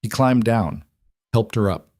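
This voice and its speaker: A man narrating a dark fantasy story in measured, clipped dramatic phrases. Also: on the low side, expressive, dry recording, studio quality. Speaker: audiobook narrator.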